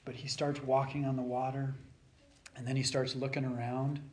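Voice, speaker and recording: A man preaching a sermon, swinging between loud urging and soft near-whispered passages. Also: medium pitch, flat delivery, moderate pace.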